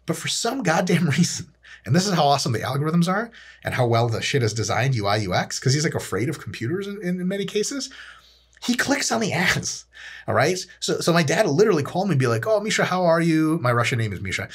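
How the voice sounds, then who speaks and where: Male fitness host, blunt and swearing, lively pitch, a husky edge. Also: fast. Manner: profane, blunt and jokey. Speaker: fitness coach and channel host. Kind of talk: casual training advice to camera.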